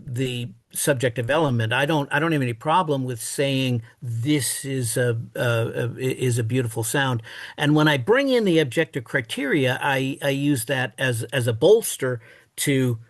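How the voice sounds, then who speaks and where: Male academic guest, halting delivery full of fillers, mid-pitched, dry close recording. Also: animated, no echo. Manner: halting, many fillers and restarts; reads verse aloud with exaggerated stress. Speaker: guest scholar. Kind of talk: thoughtful interview answers.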